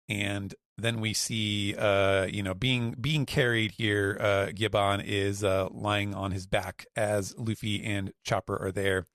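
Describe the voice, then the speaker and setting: A man's voice: on the low side, fairly even intonation, unhurried, fairly bright tone, dry recording, clean studio sound. A man recapping a comic chapter on a podcast, hesitant with many fillers. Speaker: podcast panelist.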